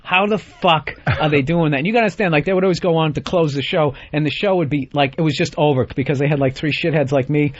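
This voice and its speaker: High-voiced swearing podcast host. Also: male voice, racing, few pauses, highs cut off. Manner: swears freely, rambling and animated. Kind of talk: casual profane chat.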